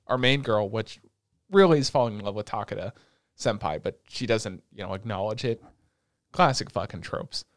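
Young guy swearing his way through an anime recap, mid pitch, dry close sound. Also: dry recording. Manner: profane, animated storytelling with quick put-on voices. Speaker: podcast co-host recapping an anime. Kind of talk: casual chat.

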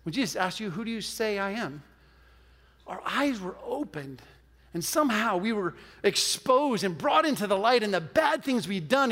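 In a church whose large sanctuary gives a long reverb, a pastor delivers a storytelling sermon with an altar call and prayer, his fairly high, slightly bright voice very animated at normal speed. He speaks earnestly, pressing listeners with mounting emphasis up to emphatic exhortation before easing into prayer.

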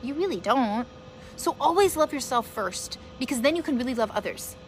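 A woman's voice: sits high, lively intonation, moderate pace, a little hiss or hum. A woman hosting a casual live-stream podcast, rambling earnestly and encouraging her listeners as a mother sharing her thoughts.

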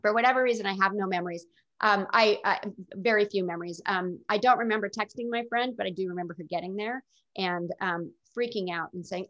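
A woman's voice: medium pitch, fairly even intonation, fast talker, a bit bright. A middle-aged woman telling her own story in an interview, in a candid and reflective way. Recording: dull lo-fi recording.

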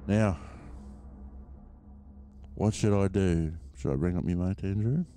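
Low, mellow-voiced Australian man rambling. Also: slow, faint music behind. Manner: rambling, swears freely, many fillers. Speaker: podcast host. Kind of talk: casual storytelling.

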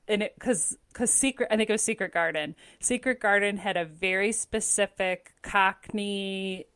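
A woman's voice: mid-range voice, moderate pace, fairly bright tone, clean tone, dry recording. A woman co-hosting a podcast in casual chat, rambling and self-deprecating, laughing often. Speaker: podcast co-host.

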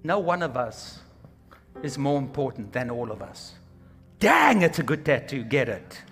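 A man's voice: medium pitch, measured pace, soft background music. A male pastor preaching a sermon, exhorting his church and calling for amens, slipping into quoted voices. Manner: animated, slips into quoted voices.

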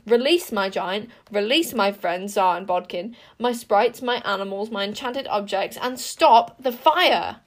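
A woman's voice: medium pitch, lively intonation, unhurried, few pauses, lightly acted. A woman voicing a brave, defiant young girl in a storybook reading, firm and cold.

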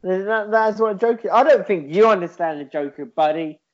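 A man's voice: high voice, moderate pace, muffled recording. A man co-hosting a podcast in casual chat, rambling through a silly story with laughs and swearing. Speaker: podcast co-host.

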